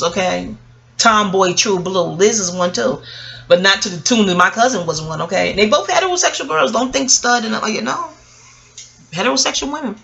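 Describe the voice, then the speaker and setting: A middle-aged woman vlogger telling a story in a casual monologue, profane, animated and wisecracking. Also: medium pitch, vocal fry.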